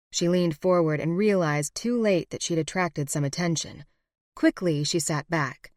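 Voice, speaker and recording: A woman reading a romance novel aloud in an even, measured narration. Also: low voice, no echo, studio quality. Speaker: audiobook narrator.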